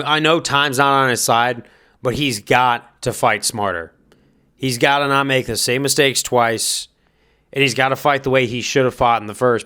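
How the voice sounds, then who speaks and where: A man's voice: mid-range voice, bright, forceful tone, smooth. A man giving casual spoken fight commentary, thinking aloud and hedging his guesses, then giving direct advice.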